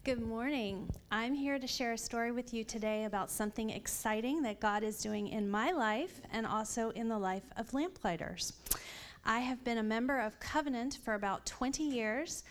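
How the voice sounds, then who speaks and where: A woman's voice: fairly high pitch, normal speed, slight background noise. A woman in her thirties sharing an earnest personal testimony at a women's Bible study. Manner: earnest, warm storytelling with light laughs. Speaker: church member sharing a testimony.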